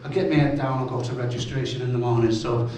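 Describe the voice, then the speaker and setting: A man's voice: medium pitch, fairly even intonation, fast, background noise. A middle-aged man with a Salford accent, telling blunt, self-mocking stories in a live stand-up set in a pub. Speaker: stand-up comedian. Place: pub function room with audience. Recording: echoey pub room, mic from far off.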